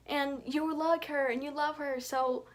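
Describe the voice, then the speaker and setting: Brief: young woman, high voice, excitable book-review vlogger, dramatizes her reactions. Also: a little slow. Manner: chatty, excitable, acts out quoted reactions with big pitch jumps. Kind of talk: casual book review vlog.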